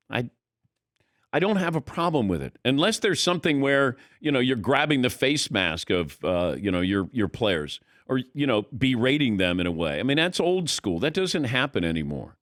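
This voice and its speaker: A man in his sixties hosting a sports talk radio show in a studio, talking in an animated, rambling, conversational way. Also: medium pitch, normal speed, no echo. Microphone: studio mic.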